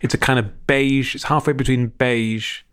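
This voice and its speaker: A man's voice: medium pitch, steady tone, moderate pace, fairly bright tone, clean tone. A man co-hosting a comedy podcast, rambling and joking, laughing often as he talks. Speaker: podcast co-host. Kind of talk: casual comedic chat.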